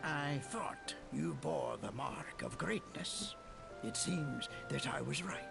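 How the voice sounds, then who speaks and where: An actor voicing a gentle, wise elderly male mentor in a game, slow and gravelly. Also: fairly high pitch, animated, full character voice. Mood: fond, solemn. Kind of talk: game voice acting. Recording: game audio with clear music behind. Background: game music.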